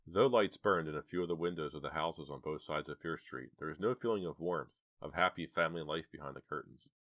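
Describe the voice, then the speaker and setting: A man narrating an audiobook in a measured, steady way. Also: extremely low pitch, dry recording.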